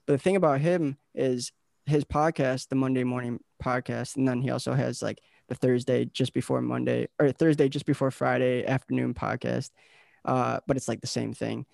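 A man's voice: mid-range voice, steady tone, normal speed, gravelly, darkish tone, no room sound, studio quality. A young man hosting a podcast, chatting casually and rambling with lots of filler words. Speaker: podcast host.

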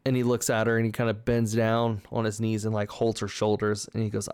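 A man's voice: lowish voice, completely flat delivery, brisk, hardly any pauses, darkish tone, clear, resonant tone, no echo. Rambling male game master. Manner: rambling, many likes and ums. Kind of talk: narrating a tabletop game.

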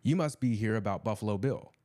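A man's voice: lowish voice, brisk, mellow, close to an everyday voice. A man voicing a menacing, cultured imprisoned killer who talks in a cold, sneering, cryptic way.

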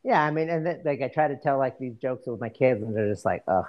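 A man's voice: mid-range voice, quick pace, muffled recording. Easygoing middle-aged man swapping anecdotes. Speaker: podcast co-host. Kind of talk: casual chat.

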